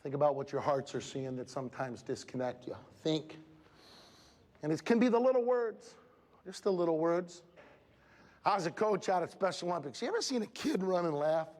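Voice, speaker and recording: Animated male motivational speaker in a hall. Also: fairly high pitch, moderate pace. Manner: animated, bursts into shouts. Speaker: school assembly speaker. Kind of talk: motivational talk to students. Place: large school hall. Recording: reverberant hall with audience.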